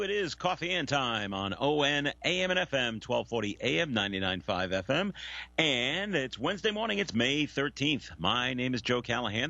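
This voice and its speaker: A man hosting a casual morning radio panel show, friendly and quick to laugh. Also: mid-range voice, gravelly, pushed and bright, no room sound. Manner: friendly, laughs easily, fills with uh. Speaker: radio host. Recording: dull, lo-fi radio sound.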